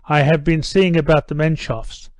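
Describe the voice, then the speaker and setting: A man reading an earnest, determined gentleman. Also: a little high, fairly even intonation, moderate pace, dry recording, close to an everyday voice.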